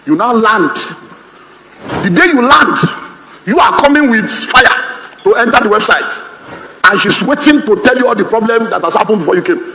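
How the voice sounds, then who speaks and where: A Nigerian man preaching a sermon as a pastor, animated and humorous, acting out the voices he quotes. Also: high voice, normal speed, in a large hall, poor audio.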